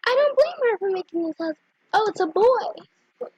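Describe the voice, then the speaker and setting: Very high, lively girlish game vlogger. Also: moderate pace, no room sound, muffled recording. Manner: chatty, giggly, with squealing excited asides. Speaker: gaming vlogger. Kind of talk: casual game commentary.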